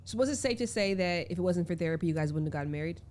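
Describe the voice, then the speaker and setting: Woman hosting a podcast, talks fast, lowish voice, faint hum behind her. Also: expressive, darkish tone. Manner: conversational, asks direct questions. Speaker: podcast host. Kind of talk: casual interview.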